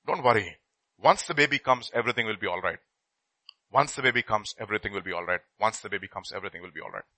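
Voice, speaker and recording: A man voicing a scheming mother-in-law who gives calm, low reassurance. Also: fast talker, no room sound, full character voice. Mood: soothing.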